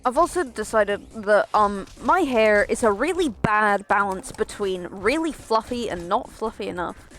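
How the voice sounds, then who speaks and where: A woman's voice: mid-range voice, animated, measured pace, few pauses, a bit bright, soft background music. A woman chatting casually while streaming a game, rambling and swearing in self-mocking asides. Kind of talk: casual gameplay stream chat.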